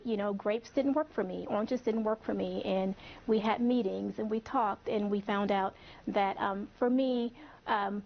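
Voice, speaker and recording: A woman being interviewed on TV who speaks emotionally, with halting restarts. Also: medium pitch. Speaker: interview guest. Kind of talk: live TV interview. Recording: slightly muffled TV broadcast audio.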